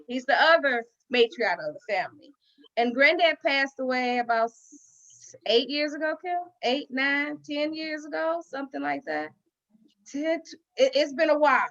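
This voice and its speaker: The speaker is a middle-aged woman guest at a women's dinner, her high, fairly bright voice moving at a moderate pace with lively intonation. She delivers a heartfelt, folksy speech full of stories, acted-out quotes and repetition, recorded lo-fi and dull at the venue.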